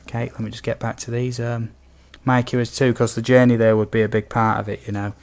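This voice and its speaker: This young British man's voice sits mid-range, gravelly and darkish, delivered flatly and a little fast. A gaming streamer from the UK, he chats casually and rambles as he reads viewer questions, full of ums and asides.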